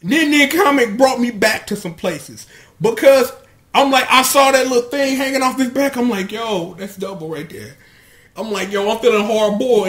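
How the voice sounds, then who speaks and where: A man hosting a solo podcast, reviewing a TV episode in slangy, animated casual commentary. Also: very high voice.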